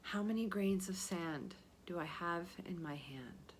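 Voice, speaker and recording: A woman voicing the lines of a bold, wise five-year-old boy in an earnest, gently questioning way. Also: on the low side, a little slow, slight background noise, close to an everyday voice. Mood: hushed.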